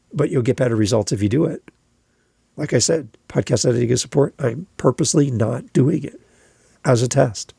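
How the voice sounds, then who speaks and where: A man's voice: mid-range voice, vocal fry, mellow, slightly rough, no room sound, studio quality. A man hosting his own podcast alone, talking emphatically and repeating phrases for stress. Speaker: podcast host. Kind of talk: solo podcast monologue.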